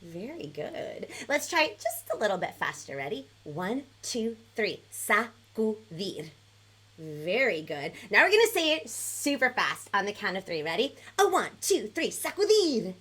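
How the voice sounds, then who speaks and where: Bubbly, bright-voiced woman hosting for kids. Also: medium pitch, normal speed, hardly any pauses. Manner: bubbly, animated, counts along and cheers the audience. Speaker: host of a live online kids' music show. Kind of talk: energetic hosting for children. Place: home in Los Angeles. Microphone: headphones on, live stream.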